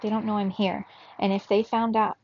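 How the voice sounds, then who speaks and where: A woman reading the lines of a timid young boy in a quiet, hushed voice. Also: medium pitch, little pitch movement, normal speed, lo-fi sound, a little hiss or hum, natural voice. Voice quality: soft, hushed.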